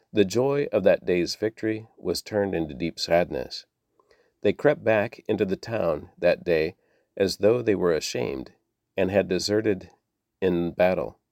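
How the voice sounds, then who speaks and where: A man reading scripture aloud in a steady, measured way. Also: low-pitched, dry recording, clean studio sound. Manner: steady, measured, with small slips. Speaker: Bible reader.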